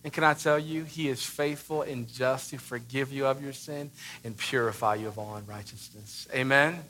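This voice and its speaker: A man in his thirties preaching a sermon as pastor, emphatic, with sudden loud bursts and rhetorical questions. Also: medium pitch, steady tone, moderate pace, a little hiss or hum.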